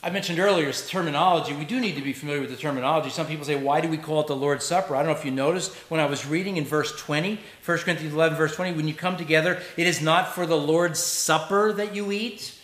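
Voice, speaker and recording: A man's voice: on the high side, fast talker, few pauses, fairly bright tone. A male pastor preaching a sermon in a church. He talks in a conversational way and makes joking asides to the congregation. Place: church sanctuary. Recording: echoey church recording with faint noise.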